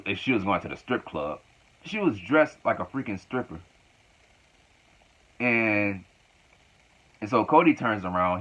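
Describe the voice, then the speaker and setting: A man's voice: low-pitched, a bit bright, lo-fi sound. A man reviewing a wrestling show in a casual, rambling way, repeating phrases as he recaps.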